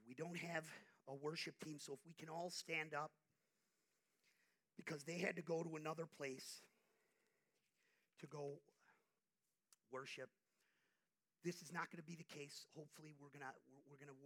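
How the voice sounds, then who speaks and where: A man's voice: a little high, fairly even intonation, moderate pace, long pauses, fairly bright tone, low-quality recording. A man preaching an informal sermon, conversational, asking the congregation questions and acting out quotes. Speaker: pastor.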